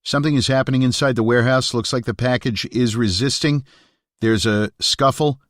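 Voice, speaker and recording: A man's voice: mid-range voice, fairly even intonation, fairly quick, dry recording, clean studio sound, pitched above the performer's own voice, natural voice. A man voicing a tense male overwatch operator giving clipped, urgent radio reports in an audiobook.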